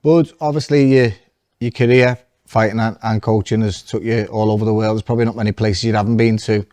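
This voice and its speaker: A man, a podcast co-host asking relaxed, conversational interview questions. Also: lowish voice, brisk, no echo.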